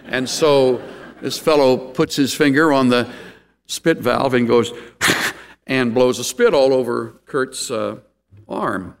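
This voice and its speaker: A man's voice: mid-range voice, slow pace, creaky. A man preaching a sermon as a pastor, telling stories with laughs and acting out lines. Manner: animated storytelling with laughs and acted-out lines. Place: church sanctuary. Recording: echoey hall.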